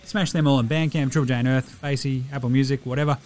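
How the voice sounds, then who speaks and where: A man with an Australian accent, hosting a podcast and reading ads and thanks quickly and cheekily. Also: mid-range voice, fairly even intonation, a little mellow. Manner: rapid, cheeky, slangy. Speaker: podcast host. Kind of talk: quick ad read and show sign-off.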